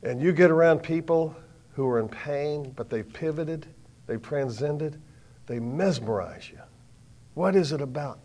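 Older man preaching with dramatic swings. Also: on the high side. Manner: swings from hushed to loud, dramatic pauses. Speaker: speaker. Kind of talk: sermon storytelling.

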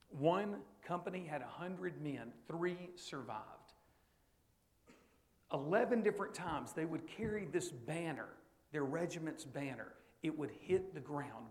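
Middle-aged male preacher, slightly high voice, storytelling sermon moving between hushed and emphatic.

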